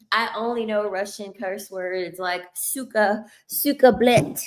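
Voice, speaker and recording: A woman's voice: medium pitch, steady tone, slow, fairly bright tone. A woman streaming casual chat who answers her viewers, laughing often and tossing in slangy asides. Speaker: livestreamer reading chat.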